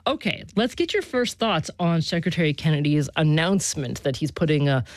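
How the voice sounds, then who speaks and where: Measured, probing radio host woman. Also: low-pitched, animated, no echo. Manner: measured, probing questions with casual fillers. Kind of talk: public radio interview. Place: studio in Boston.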